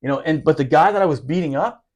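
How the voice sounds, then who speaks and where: A man's voice: on the high side, animated, quick pace, a little mellow. A man telling a rowdy, profane story about his Marine days, laughing as he goes. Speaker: podcast storyteller, former Marine. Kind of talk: casual storytelling.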